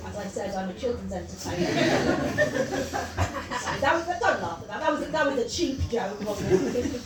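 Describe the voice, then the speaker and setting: A woman doing a stand-up comedy set in a pub, chatty and self-mocking, with quick asides. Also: medium pitch, very noisy. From Wales. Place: pub comedy gig with a live audience. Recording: roomy live mic from a distance, audience laughter.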